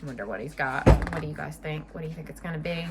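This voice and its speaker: A woman's voice: deep voice, quick pace, heavy background noise. A woman reading a picture book aloud to children at home, chatting and asking them to raise their hands. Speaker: children's storyteller.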